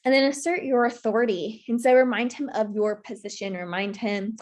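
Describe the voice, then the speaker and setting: A woman's voice: fairly high pitch, a little fast. Earnest woman giving advice over a video call. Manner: earnest, advice-giving, many "you know" fillers. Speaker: workshop presenter. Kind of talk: virtual workshop presentation.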